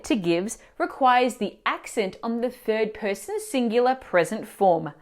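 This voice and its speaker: A woman teacher explaining grammar mistakes in clear, instructive scripted narration, asking the viewer questions. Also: a little high, expressive, unhurried. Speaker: language teacher.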